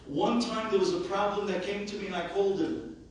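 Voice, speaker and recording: A man, a rabbi, giving an impassioned eulogy that swings between shouting and hushed speech. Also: sits high, steady tone, brisk, slight background noise. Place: large hall at a memorial gathering. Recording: very echoey hall, voice far from the mic.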